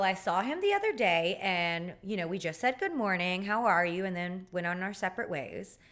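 Woman host, animated pitch swings, casual comedic storytelling. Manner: animated, sassy and self-deprecating. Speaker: podcast host.

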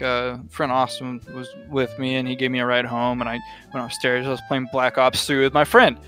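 A man's voice: fairly high pitch, a bit bright. A young man on a podcast, telling rambling stories with lots of swearing and laughing. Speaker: podcast co-host. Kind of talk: casual storytelling chat.

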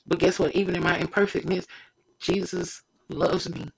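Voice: mid-range voice, fairly even intonation, normal speed, vocal fry, slightly rough, rough recording. A preacher giving an informal devotional sermon, fervent and repetitive, speaking straight to the listener.

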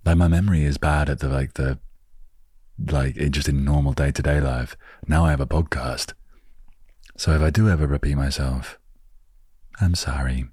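A man's voice: rumbling low, fairly even intonation, moderate pace, pauses often, darkish tone, breathy edge, no room sound. A man hosting a podcast meant to help listeners fall asleep, rambling and correcting himself with dry humor. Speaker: podcast host. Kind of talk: slow rambling sleep podcast monologue. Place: lives in a van.

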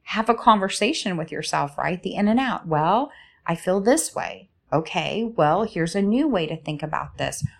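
A woman speaking as a spiritual coach in a slow, soothing, inviting way, asking many reflective questions. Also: fairly low pitch, expressive, gravelly. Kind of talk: reflective guided talk.

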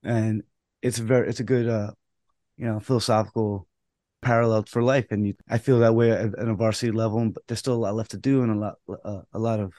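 A man co-hosting a podcast, telling umpiring stories in an animated way, acting out both sides of arguments and swearing casually. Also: on the low side, a little fast, no room sound, studio quality. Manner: animated storytelling, acts out both sides of quarrels.

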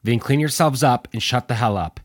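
A man's voice: mid-range voice, a little fast, no echo, clean studio sound, close to an everyday voice. A man doing a stern scolding officer. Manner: barking, scolding. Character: stern male air force officer, commanding.

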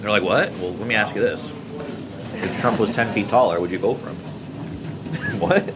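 A man's voice: fairly low pitch, normal speed. Joking man in a noisy restaurant clip. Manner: joking, deadpan riffing. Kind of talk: casual chat in a played clip. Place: fast-food restaurant. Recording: clip with loud background noise.

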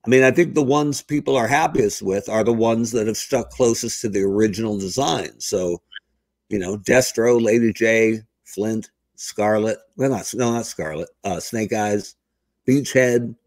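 A man's voice: lowish voice, a little slow, no room sound. A middle-aged man co-hosting a casual podcast, rambling and correcting himself as he goes. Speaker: podcast co-host. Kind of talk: casual chat.

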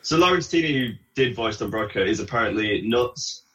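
A man's voice: medium pitch, animated, brisk, fairly bright tone, rough recording. A man as a podcast guest in casual chat, telling amused anecdotes.

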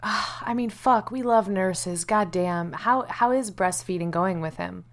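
A woman's voice: mid-range voice, measured pace. Irreverent, cussing woman co-host. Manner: irreverent, swears freely, laughs easily. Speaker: podcast co-host. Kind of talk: casual chat.

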